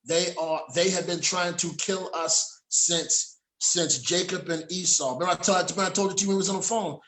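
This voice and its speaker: Male host with a high voice, on a video call, ranting in a heated, profane way. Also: fairly quick, fairly bright tone, poor audio. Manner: profane, heated, repeats himself, restarts. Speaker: show host. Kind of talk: ranting casual talk show chat.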